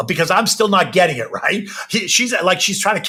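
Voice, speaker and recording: A middle-aged man telling a personal story as a podcast guest, animated and keeps checking in with "right?". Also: a little high, a little fast, few pauses, breathy edge.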